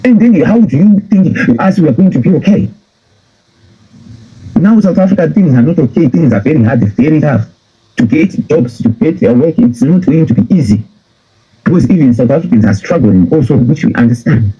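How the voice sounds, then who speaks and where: A Zimbabwean man in full heated rant, scolding his listeners and hammering the same points again and again. His voice sits a little high for a man, yet it is husky and mellow in tone. The recording is dull and lo-fi. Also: lively intonation, normal speed. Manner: repeats phrases in heated rebuke. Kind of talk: impassioned political rant.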